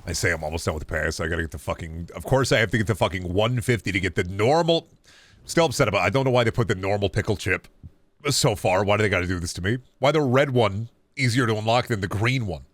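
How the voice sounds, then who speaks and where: Male streamer, slightly low voice, casual rambling chat, jokey, swears offhand, reads out chat questions. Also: animated, fast, no echo. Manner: joking, swears casually, restarts and trails off; answers chat questions while playing. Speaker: live streamer playing a video game.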